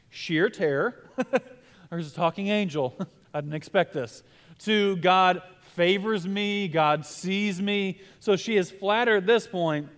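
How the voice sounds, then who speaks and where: A man preaching a sermon, acting out scripture scenes with laughter and lively asides. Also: sits high. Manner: animated, acts out scripture dialogue with laughs. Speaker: pastor.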